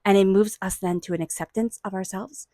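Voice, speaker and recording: A woman giving a tarot reading, murmuring invocations to angels and spirit guides and offering warm, excited encouragement. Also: medium pitch, a little fast, no room sound. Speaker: tarot reader. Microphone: own microphone.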